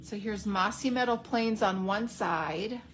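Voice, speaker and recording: A woman hosting a craft unboxing video. She gushes over each item and pauses to think aloud when she needs a word. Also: mid-range voice, a bit bright, soft background music. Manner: enthusiastic, gushing over products. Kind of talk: unboxing product demo.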